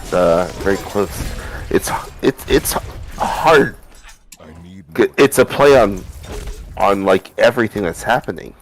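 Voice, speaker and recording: A man's voice: on the low side, expressive, slow, long pauses. A man chatting casually on a game stream, musing thoughtfully and agreeing with his friend. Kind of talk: casual chat.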